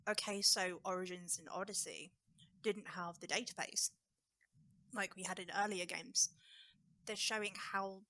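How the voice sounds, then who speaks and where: A woman talks as a guest on a casual podcast, lively and informal with many "like"s. Her voice is bright and clear at a middle pitch. The recording is dry and close. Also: no echo. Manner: quick, lively, informal with lots of "like".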